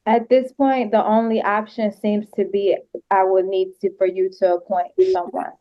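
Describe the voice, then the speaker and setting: A woman's voice: medium pitch, flat delivery, moderate pace, muffled recording. A woman speaking as a defendant in a court hearing, anxious and pleading, often cutting in over others, heard over a video call.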